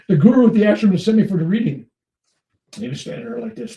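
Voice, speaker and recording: Older male guest, animated storyteller, mellow tone, acts out voices; roomy, distant mic. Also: a little high, fairly quick, creaky, pauses often. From United States. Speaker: interview guest. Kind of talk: storytelling in casual conversation.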